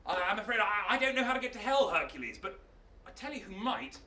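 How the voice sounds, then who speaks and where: A man's voice: high voice, animated, quick pace, pushed and bright, recorded from a distance, slight background noise. A man voicing a timid court adviser who stammers apologetically. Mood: apologetic. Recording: roomy hall, mic from afar.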